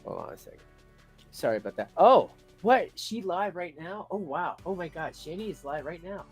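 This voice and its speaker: A man's voice: high-pitched, lively intonation, normal speed, breathy edge, faint music behind. A man giving mocking reaction commentary on a livestream, laughing often. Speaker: commentary streamer.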